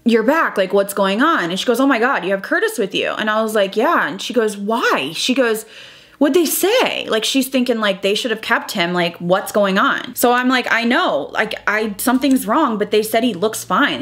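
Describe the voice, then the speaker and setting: A woman's voice: medium pitch, lively intonation, a little fast, few pauses, fairly bright tone. A young woman vlogger recounting a painful personal story while doing her makeup, talking in a rambling, emotional way full of "like" and quoted dialogue. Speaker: beauty vlogger.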